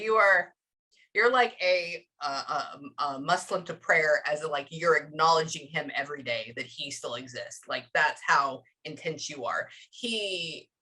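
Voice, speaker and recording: A woman's voice: lowish voice, pushed and bright, low-quality recording. A woman giving a medium reading to clients, talking in a rambling, emotional way with lots of fillers. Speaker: psychic medium.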